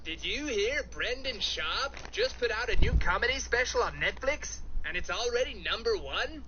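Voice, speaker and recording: A man voicing a brash, smug small-town cop who talks loudly. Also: very high-pitched, animated, normal speed. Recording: muffled, noisy recording.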